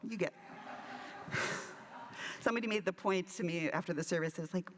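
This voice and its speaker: A woman minister giving a sermon, telling a story in a relaxed, conversational way with touches of humor. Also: lowish voice, normal speed, long pauses. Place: church sanctuary. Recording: church hall with long reverb.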